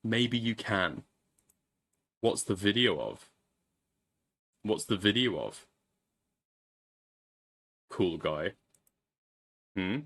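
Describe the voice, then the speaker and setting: Brief: male streamer, low-pitched but animated, crude and meandering chat. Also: extremely slow, pauses often, husky. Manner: crude, rambling, swears often, repeats himself. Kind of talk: casual live-stream commentary.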